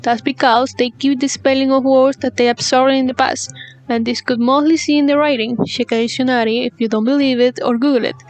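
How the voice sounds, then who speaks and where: A woman's voice: high voice, fairly even intonation, a little fast, faint music behind. A woman whose first language is Spanish, reading a scripted English lesson and carefully reading out paired example sentences. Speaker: English teacher.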